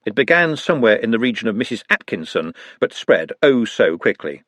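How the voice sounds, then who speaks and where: A man narrates an audiobook with expressive storytelling. His pitch moves a lot, and the recording is dry and close. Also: a little fast, few pauses, no room sound, lo-fi sound. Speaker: audiobook reader. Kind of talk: scripted narration.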